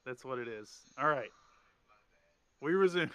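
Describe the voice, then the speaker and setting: A man acting as game master for a streamed tabletop session. His voice is bright and forward, his talk loose and full of hesitant "um"s, and he laughs easily. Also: mid-range voice, expressive, unhurried, smooth, muffled recording.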